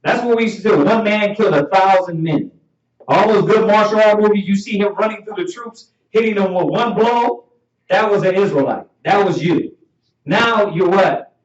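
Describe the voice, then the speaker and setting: A man with a fairly high voice preaches in an animated, laughing way as he leads a Bible class. He sounds distant from the microphone, and the muffled, dull audio carries heavy room echo. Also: moderate pace. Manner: animated, laughing, calls for verses.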